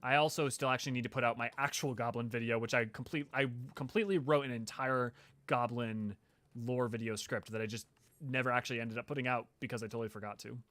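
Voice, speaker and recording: A man chats casually with his viewers while playing, enthusiastic and rambling, often restarting his sentences. His voice has a bright, forward tone at an average pitch. Faint game music runs behind him. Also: fairly even intonation, quick pace. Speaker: game streamer and lore creator. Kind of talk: casual gameplay chat with viewers.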